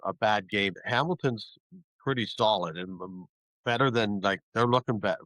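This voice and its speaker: A man's voice: on the low side, moderate pace, fairly bright tone, no room sound, rough recording. A man on a podcast panel giving firm, plain-spoken opinions about football. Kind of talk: casual sports chat.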